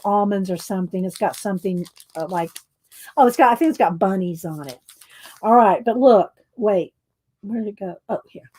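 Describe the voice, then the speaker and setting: A woman's voice: on the high side, darkish tone. A woman chatting casually as she unboxes craft mail. She giggles often, keeps saying "hang on", and sounds a little out of breath. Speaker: craft vlogger. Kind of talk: casual chat.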